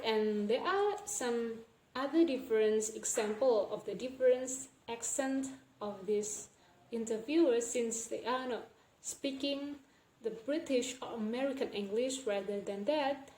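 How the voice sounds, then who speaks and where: Slow-talking young woman student presenter. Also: fairly high pitch, darkish tone. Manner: slow, halting, self-correcting explanation. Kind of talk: class assignment presentation. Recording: echoey room with faint background noise.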